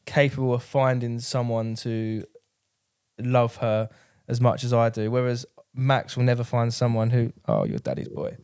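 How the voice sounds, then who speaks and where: A man's voice: medium pitch, little pitch movement, a little slow, darkish tone, clean tone, no room sound, clean studio sound. A man co-hosting a casual chat, jokey and rambling, sometimes cooing at his dog. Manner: jokey, rambling, talks baby-talk to the dog. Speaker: podcast co-host.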